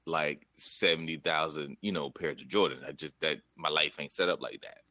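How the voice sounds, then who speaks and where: A man's voice: very deep voice, moderate pace, sharp tone, no echo, clean studio sound. A man in casual chat with friends, telling a story in a loose, rambling way.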